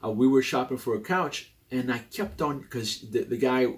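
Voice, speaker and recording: A young adult man hosting a casual talk about personality types, animated and rambling, often restarting his sentences. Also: moderate pace. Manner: animated and rambling, with many restarts and sudden jumps in pitch. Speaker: host.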